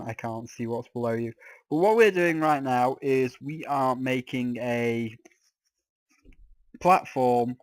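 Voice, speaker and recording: A man's voice: medium pitch, dry recording. Exasperated ranting man, dry sound. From England. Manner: ranting, exasperated, swears freely. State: slightly sore throat. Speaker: let's play host. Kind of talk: casual gameplay commentary.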